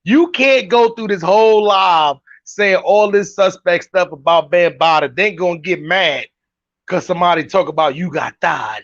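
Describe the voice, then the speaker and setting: A high-pitched man hosts a podcast, mocking and incredulous as he reacts to clips in slangy street talk, laughing often. His voice is dry and close, with a dull, lo-fi sound. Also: moderate pace, a bit bright, no room sound. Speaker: podcast host. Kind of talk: reaction commentary on live-stream clips.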